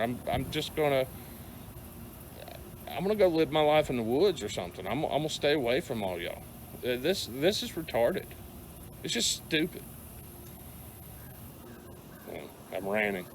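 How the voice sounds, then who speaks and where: A man's voice: a little high, sing-song, moderate pace, pauses often, a little hiss or hum. Frustrated Southern man venting. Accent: Southern American. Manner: rambling, frustrated, repeats words. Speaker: vlogger. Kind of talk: angry venting rant to camera.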